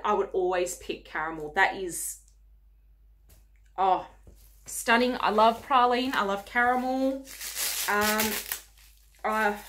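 A young woman unboxing gifts for her vlog, gushing, gasping and squealing with delight. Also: mid-range voice. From Australia. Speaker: beauty vlogger.

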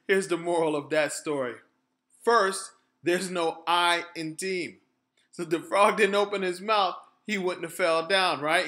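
Man, motivational coach, high bright voice, upbeat, enthusiastic storyteller, talks right to listeners. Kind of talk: spoken storytelling with a moral.

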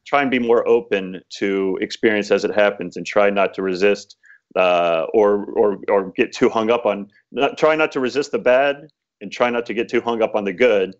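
A man's voice: lowish voice, moderate pace, lo-fi sound. A man being interviewed as an author, telling a story in a rambling, casual way with many fillers. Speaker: author guest.

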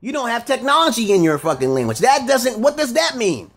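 Profane, high-voiced, husky ranting man. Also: huge pitch swings, brisk, fairly bright tone, soft background music. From United States. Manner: confrontational, profane, rambling. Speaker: vlogger. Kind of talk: ranting monologue to camera.

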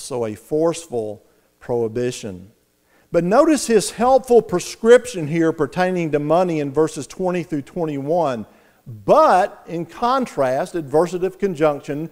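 Middle-aged male pastor, sermon delivery, slow deliberate pace, loud stresses and quiet asides. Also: high voice, big pitch swings. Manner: emphatic, swings from loud stress to hushed asides.

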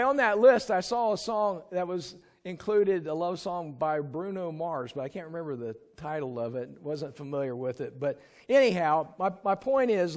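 A man preaches in a church in an easy, talky way, as if chatting with the people in the pews. His voice sits a little on the high side. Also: a little mellow. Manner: conversational, chuckles and sings snatches to the congregation. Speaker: pastor. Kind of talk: sermon. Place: church sanctuary.

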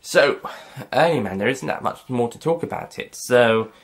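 A man's voice: medium pitch, lively intonation, normal speed. A man giving a casual, rambling spoken film review, correcting himself often and dropping in light jokes. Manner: rambling, self-correcting, light joking asides.

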